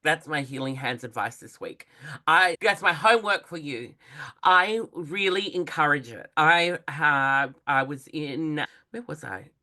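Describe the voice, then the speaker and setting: An exuberant podcast host chats casually, gushing and swearing freely. The voice is bright and sits in a middle pitch. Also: a little slow.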